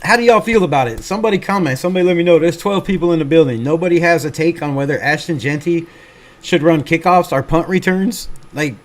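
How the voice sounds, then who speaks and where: Talking fast in a voice on the high side, a man hosts a fan channel livestream. He reads out viewers' comments and chats in a laid-back manner, swearing and teasing himself.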